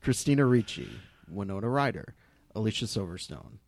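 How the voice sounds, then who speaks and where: A man's voice: fairly low pitch, expressive, normal speed, darkish tone, no room sound. A man co-hosting a movie podcast, chatting easily and laughing as he reads out trivia. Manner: easygoing, laughs while reading trivia. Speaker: podcast co-host. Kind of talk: casual movie chat. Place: at a table in a studio.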